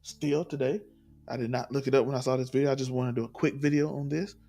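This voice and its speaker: A man's voice: medium pitch, fairly even intonation, fast talker, warm tone. A man from Mississippi, delivering an emphatic, rambling opinion monologue and repeating his points. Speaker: commentator in clip.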